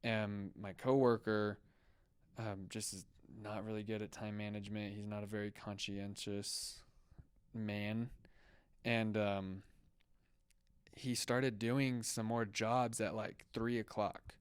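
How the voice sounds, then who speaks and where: A man's voice: fairly low pitch, level tone, slow, clear, resonant tone, no echo, studio quality. A young man co-hosting a podcast, telling a story in a loose, chatty way full of fillers. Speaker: podcast co-host. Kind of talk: casual storytelling chat.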